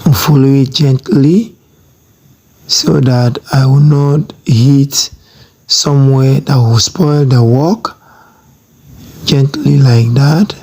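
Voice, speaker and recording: A sewing tutor walks through a fabric project step by step at an unhurried pace. The speech is instructive and emphatic, with a habit of pausing to ask whether the viewer has seen each move. The pitch sits in the middle range. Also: darkish tone, husky. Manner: slow, repeats "have you seen?" often.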